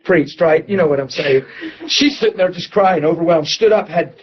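A man preaching to a church audience, telling a story with lively laughter and excited outbursts. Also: on the high side, moderate pace, lo-fi sound. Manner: animated, laughing, voice jumps up when excited. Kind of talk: storytelling sermon.

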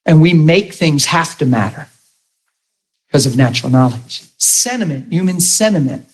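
A male preacher with a somewhat high, husky voice delivers a sermon. He tells stories with lively acted-out quotes and laughs along with his audience. His pace runs from quick asides to slow, stressed points. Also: poor audio. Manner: animated storytelling with acted quotes.

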